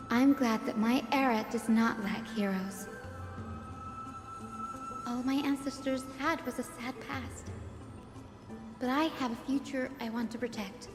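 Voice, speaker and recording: A woman voicing an earnest young woman from a warrior bloodline, speaking in a calm, reflective, measured way for a video game. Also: a little high. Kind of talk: game voice acting. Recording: reverberant game audio with music.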